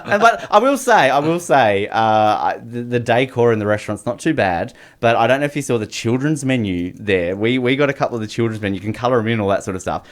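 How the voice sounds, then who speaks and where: Australian male podcast host, fast and lively, jokey and animated. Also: mid-range voice. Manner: quick, animated, joking. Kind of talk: casual chat.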